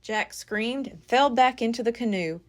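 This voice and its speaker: Reading a children's book aloud as a library storyteller, this woman speaks at normal speed in a fairly high voice. She brings an expressive, dramatic flair to the story.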